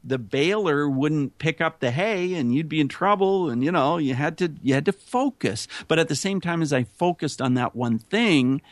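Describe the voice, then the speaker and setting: A man telling stories in a casual interview, earnest and animated, often saying "you know". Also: on the high side, normal speed, hardly any pauses, no echo. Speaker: interview guest. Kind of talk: casual conversational storytelling.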